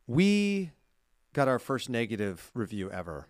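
Animated male podcast co-host. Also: mid-range voice, unhurried, dry recording, studio quality. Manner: animated storyteller, many "like" fillers. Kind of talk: casual podcast chat.

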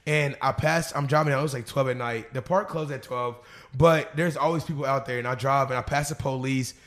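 A man's voice: mid-range voice, steady tone, a little fast, fairly bright tone. A young man from Arkansas telling stories in a loose, slang-heavy casual chat, full of fillers. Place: living room couch.

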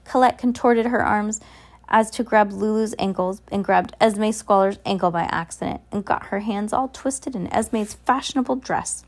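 A woman's voice: mid-range voice, normal speed, darkish tone. A woman reading a novel aloud, now and then stumbling and correcting herself.

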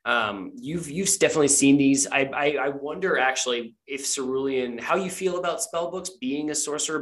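A game master narrates a tabletop game at an ordinary pitch, rambling through descriptions with many fillers and restarts. The talk is casual and loose, wandering through its ideas. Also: fairly bright tone.

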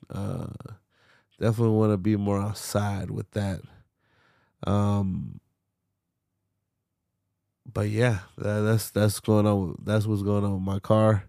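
A man's voice: on the low side, creaky, darkish tone, no echo, studio quality. A young man hosting a solo podcast, talking loosely and profanely with lots of fillers and sighs. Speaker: podcast host. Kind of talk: casual solo podcast rambling.

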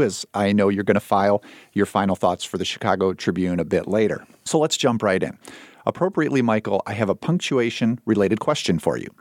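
A man with a fairly low voice co-hosts a film review podcast in a relaxed, playful tone, teasing lightly as he talks. His voice is recorded dry and close. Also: dry recording. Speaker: podcast co-host. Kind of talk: casual film review chat.

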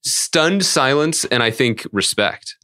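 A man co-hosting a casual pop-culture podcast, riffing through long comic stories. His voice is bright and forceful and swings widely in pitch as he gets into each bit. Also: slow pace, clean tone. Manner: animated storyteller, jokey riffs. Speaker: podcast co-host.

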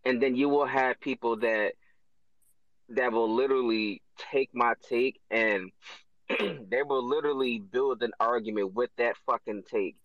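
A man's voice: medium pitch, measured pace, fairly bright tone, no echo. Laid-back trolling man, giggly; mid voice on dull lo-fi audio, dry. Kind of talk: heated sports chat.

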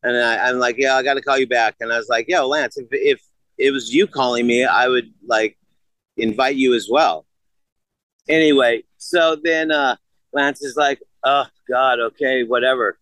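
A man in his sixties telling a story in casual chat, animated and profane, acting out what others said. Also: mid-range voice, normal speed, no room sound, low-quality recording. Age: 60s. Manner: animated, profane, acts out quotes.

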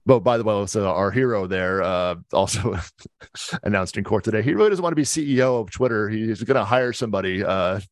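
A man's voice: lowish voice, a little fast, dry recording, clean studio sound. A man on a casual podcast, chatting about entertainment news and rambling with many restarts and fillers.

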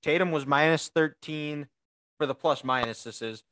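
A man with a Midwestern accent co-hosting a podcast, casually rattling off sports stats with quick restarts. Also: a little high, a bit bright. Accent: Midwestern American. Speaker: podcast co-host.

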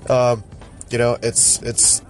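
A man's voice: mid-range voice, completely flat delivery, slow, soft background music. A man hosting a casual solo podcast, rambling and joking with lots of fillers and restarts. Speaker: podcast host.

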